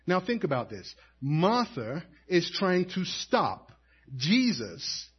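A man's voice: sits high, big pitch swings, slow pace, slightly rough, muffled recording. A man preaching a sermon as pastor, building emphasis and calling to the congregation for an amen.

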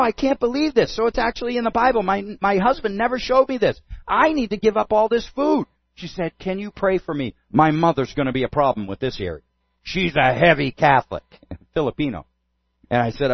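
A man's voice: a little high, dry recording, muffled recording. A man, a pastor, telling a story in a sermon and acting out both sides of a conversation.

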